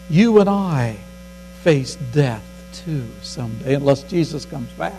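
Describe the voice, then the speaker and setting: An older man delivers a sermon in a high, folksy voice and acts out the scripture quotes. A faint mains hum runs under the recording. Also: mellow, rough recording. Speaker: pastor.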